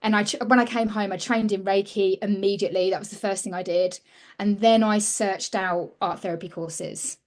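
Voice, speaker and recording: A woman's voice: mid-range voice, fairly even intonation, moderate pace, darkish tone. Earnest woman telling her story. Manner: earnest, reflective, restarts mid-sentence. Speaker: women's mentor, interview guest. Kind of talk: casual interview storytelling.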